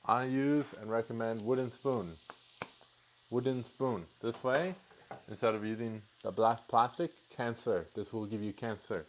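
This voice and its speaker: A man talks his way through a cooking session at home, half joking and sometimes boasting in a mock-proud way. His voice sits at an ordinary middle pitch. Faint clicks and kitchen noises can be heard behind him. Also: unhurried, a little hiss or hum. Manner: joking, mock-confident, rambling, self-mocking. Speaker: home cook vlogger. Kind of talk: casual cooking vlog.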